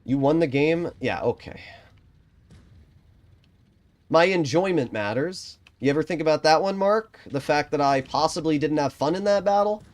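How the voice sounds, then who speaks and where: Streamer, male, lively pitch, swings from quiet planning to loud swearing rants. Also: moderate pace. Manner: frustrated ranting, swears often; quiet, low-key strategy talk. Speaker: gaming streamer. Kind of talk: live game commentary.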